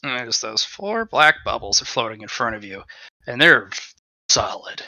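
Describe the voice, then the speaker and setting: A man's voice: medium pitch, sing-song, normal speed, bright, forceful tone, no room sound, poor audio. A man narrating as game master of a tabletop game, laughing, swearing and throwing in dramatic asides.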